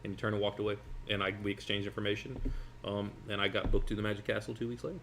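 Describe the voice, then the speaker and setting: Man in his forties, rapid and low-pitched, rambling storyteller who laughs as he talks. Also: background noise. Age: 40s. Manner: animated, rambling, laughs between phrases. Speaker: magician guest. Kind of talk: casual storytelling over a meal.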